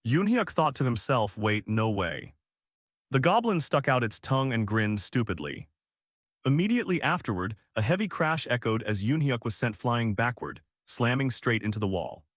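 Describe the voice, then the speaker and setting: A man narrating a scripted fantasy story recap with lively storytelling. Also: medium pitch, no room sound, clean studio sound.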